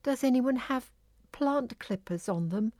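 A woman voicing Lily, a brave and bossy young female fairy in a children's story, with a lively, take-charge manner. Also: a little high, unhurried, dry recording, clean studio sound, voice pushed up. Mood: bright.

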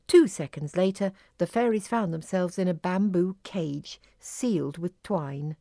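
A woman reading a children's fairy story aloud, slowly and carefully. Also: lowish voice, warm tone, no echo, clean studio sound.

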